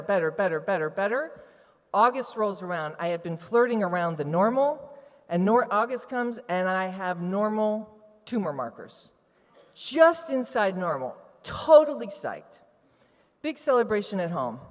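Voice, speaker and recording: A woman tells her own story on stage to a live audience, candid and emotional, at an everyday mid pitch. Her voice carries a long hall reverb, as in a large event venue. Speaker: retreat participant giving testimony. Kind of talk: personal testimony to a live audience.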